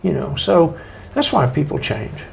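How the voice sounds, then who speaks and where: Gravelly, high-ish middle-aged man; animated storytelling guest. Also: measured pace, a little hiss or hum. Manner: folksy, animated storytelling with acted-out quotes. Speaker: guest author. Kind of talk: conversational interview.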